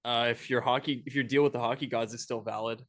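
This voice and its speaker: Man, mid-pitched voice, relaxed live-stream podcast chat, quick reactions. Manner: quick reactions, laughs easily. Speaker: podcast co-host.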